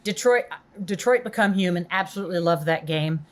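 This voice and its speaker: A woman guesting on a podcast, with a voice on the low side for a woman. She chats casually and enthusiastically, often hedging what she says. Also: brisk. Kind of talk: casual chat.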